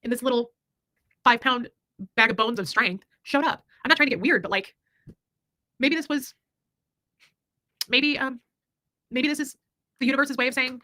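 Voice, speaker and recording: A woman's voice: high-pitched, normal speed, pauses often, sharp tone, dry recording. A woman hosting a livestream, reading super chats in a rambling, emphatic way and swearing freely. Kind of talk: casual livestream chat.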